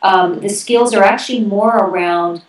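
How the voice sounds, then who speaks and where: A woman with a Canadian accent, a keynote speaker answering interview questions in a clear, explanatory way, with fillers and restarts. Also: mid-range voice, normal speed, roomy sound, distant mic, low-quality recording.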